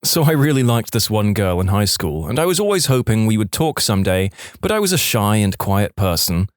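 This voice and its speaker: Here a male narrator briskly reads internet stories for a podcast, telling them expressively with big ups and downs in pitch. It's a close, dry recording without room ambience.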